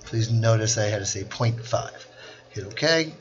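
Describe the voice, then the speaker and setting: A man teaching a software class, walking through each click step by step in a screen-recorded tutorial. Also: fairly low pitch, expressive, measured pace, lo-fi sound, a little hiss or hum. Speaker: instructor.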